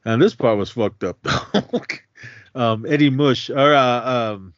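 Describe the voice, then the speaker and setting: A man's voice: mid-range voice, slow pace, no echo. Guy recapping a movie on a podcast, keeps laughing, does the characters' lines, kinda muffled dry audio. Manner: laughs often, animated retelling of scenes. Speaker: podcast co-host. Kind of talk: casual movie recap chat.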